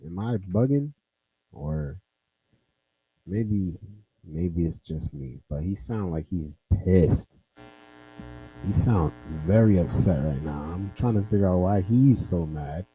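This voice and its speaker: A man's voice: sits low, mellow, a little hiss or hum, poor audio. A man hosting a casual talk show, laid-back, reacting and summing up. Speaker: podcast host. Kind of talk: casual chat.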